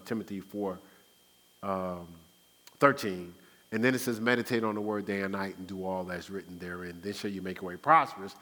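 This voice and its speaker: Guy teaching bible stuff, lively, acts out little quotes, reverby room. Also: fairly low pitch. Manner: animated, acts out everyday speech. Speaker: Christian teacher. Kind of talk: conversational preaching.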